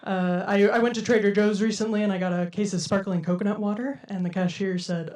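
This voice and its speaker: A woman's voice: mid-range voice, steady tone, fast talker, few pauses, darkish tone. Woman comic with a lilting, silly voice. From Denver, USA. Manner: lilting, quirky, self-described silly way of talking. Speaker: stand-up comedian. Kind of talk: stand-up routine. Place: comedy stage before a live audience.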